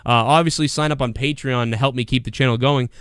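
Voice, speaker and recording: A man reviewing a wrestling show on a livestream, rambling and swearing in casual, excitable talk. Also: mid-range voice, fast, smooth, no room sound, studio quality. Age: adult parent. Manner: profane, rambling, excitable, acts out bits in quotes.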